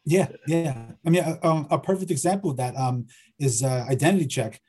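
Hesitant man with dark husky voice. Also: on the high side, brisk. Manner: hesitant, repeats words while thinking aloud. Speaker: filmmaker and writer guest. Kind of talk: conversational interview.

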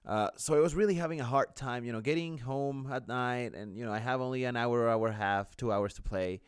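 A man co-hosting a gaming podcast, talking in a relaxed way and often hesitating with fillers. His mid-pitched voice is clear and smooth. It is recorded close and dry, with no room sound. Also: fairly quick, no echo. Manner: hesitant, many fillers, searching for words. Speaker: podcast co-host. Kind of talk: casual gaming chat.

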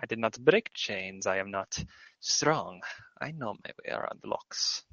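A man voicing a small, soft-spoken male kobold who speaks slowly in halting, broken phrases. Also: lowish voice, expressive, no echo, pitched below the performer's own voice. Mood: solemn. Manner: slow, halting broken speech. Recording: dull lo-fi audio.

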